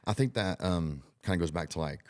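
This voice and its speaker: Very deep-voiced reflective podcast host. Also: male voice, expressive, brisk. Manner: reflective, thinks aloud with many "like" fillers. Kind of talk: casual podcast conversation.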